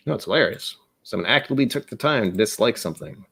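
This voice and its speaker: A man's voice: fairly low pitch, lively intonation, quick pace, gravelly, few pauses, a bit bright, slightly rough. A man from the United States hosting a casual whiskey livestream, chatty, rambling and self-deprecating as he reads chat aloud. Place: indoors at home.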